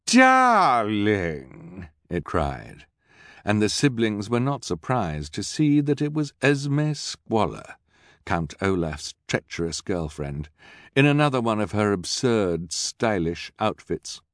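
Slow, lively male audiobook narrator, slightly low voice, dry wry tone, dry close studio sound. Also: no echo. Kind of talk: scripted narration.

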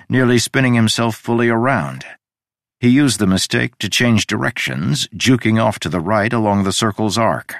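A man reading a fantasy audiobook in a measured, dramatic storytelling manner. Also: low-pitched, a bit bright, no echo, studio quality. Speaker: audiobook narrator. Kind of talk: scripted fantasy narration.

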